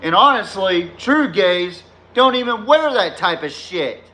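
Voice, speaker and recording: Mid-rant on his live sports podcast, a man curses heavily and insults viewers in the chat, chuckling at his own digs. His voice is high, bright and expressive, swinging up and down a lot while his pace stays unhurried.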